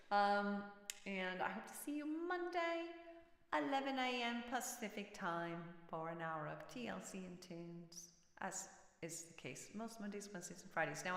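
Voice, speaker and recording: Woman streamer, gravelly voice, chatty and reactive, long echoing reverb. Mid pitch. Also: a bit bright. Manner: chatty, reacts aloud to chat messages. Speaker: livestream musician host. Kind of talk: casual livestream chat with viewers.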